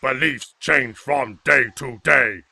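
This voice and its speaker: A man's voice: medium pitch, takes it slowly, creaky, sharp tone, dry recording, heavily acted. A man voicing a stern, secretive alien commander who speaks in a guarded, ominous way in an audio drama.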